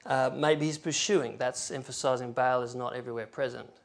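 A man preaching a sermon in a church, reading scripture aloud with emphatic swings from loud to soft. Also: medium pitch, steady tone, brisk, vocal fry. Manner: emphatic, rising and falling loudness, reads scripture aloud.

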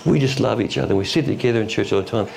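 A man preaching a sermon in a folksy, illustrative way, with quick asides and chuckles. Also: lowish voice, vocal fry, noisy background. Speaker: pastor.

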